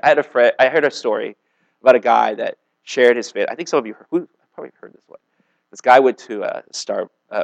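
A man's voice: medium pitch, no room sound. A man giving a casual, jokey sermon, acting out voices and asides as he tells stories. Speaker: pastor.

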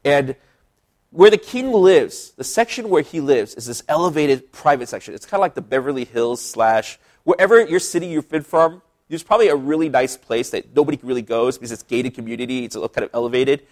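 A man who is a pastor, leading a casual Bible study in a relaxed, chatty way with lots of asides. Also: medium pitch, fairly quick.

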